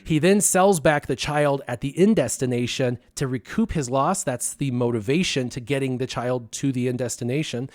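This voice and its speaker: A man's voice: medium pitch, moderate pace, few pauses, no room sound. Dry-voiced man telling a story. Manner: animated storyteller, acts out his own past lines. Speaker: stream co-host. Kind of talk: casual storytelling on a stream.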